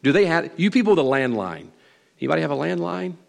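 Southern man as pastor, lively folksy sermon, slightly high voice, long hall reverb. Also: fast talker, creaky. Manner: folksy, teasing, emphatic preaching with repeated lines.

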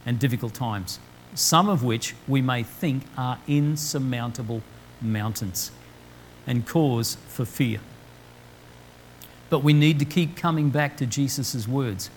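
A man preaching a sermon, slowing down to quote scripture word by word with emphasis. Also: mid-range voice, a little hiss or hum, poor audio. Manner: emphatic, slow deliberate quoting of scripture. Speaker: pastor. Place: church.

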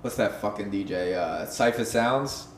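A man's voice: fairly low pitch, a little slow. A young man co-hosting a podcast, telling stories in a loose, profane way and laughing often. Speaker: podcast co-host. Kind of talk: casual chat. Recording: roomy echo, faint background noise.

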